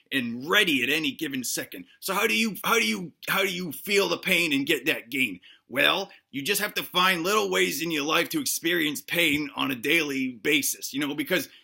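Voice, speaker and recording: A gravelly, bright-edged voice of a dim-witted cop played by a man, rambling through absurd health tips with constant stammers and restarts. The tone is tense and cutting yet husky, and he boasts with clueless confidence. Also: a little high, normal speed, full character voice. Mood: boastful. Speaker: comedy sketch performer. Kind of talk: comedic character monologue.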